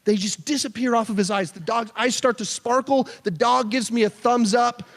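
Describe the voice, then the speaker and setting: A man's voice: very high voice, moderate pace. A man in his thirties preaching a sermon to students, telling stories with jokey asides. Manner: animated storyteller, jokey asides. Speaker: youth pastor. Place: church hall. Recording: long hall reverb.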